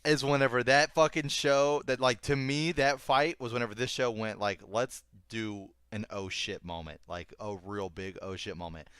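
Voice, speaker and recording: Excitable, profane young-sounding host. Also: male voice, medium pitch, normal speed, few pauses, clear, resonant tone, dry recording, studio quality. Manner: excited, profane, retells scenes with voices. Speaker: podcast host. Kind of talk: casual chat.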